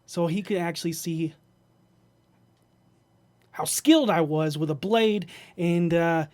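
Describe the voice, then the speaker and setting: A man voicing a foul-mouthed male goblin who used to be a thief, with a grating, nasal voice and a crude, swaggering manner. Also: on the high side.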